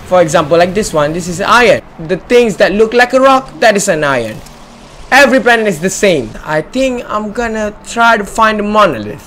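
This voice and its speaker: A man's voice: high voice, sing-song, normal speed, a bit bright, slight background noise. Playful, chatty man narrating gameplay. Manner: playful, chatty, joking, apologizes to game objects. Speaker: gamer and channel host. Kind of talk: casual let's-play commentary.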